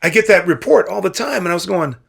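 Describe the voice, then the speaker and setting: A man from Nebraska, a guest actor, telling stories in a casual, animated way and acting out the people he quotes. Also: fast, vocal fry, slightly rough. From Nebraska, USA. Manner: animated, acts out quoted voices with big pitch jumps. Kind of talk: casual storytelling.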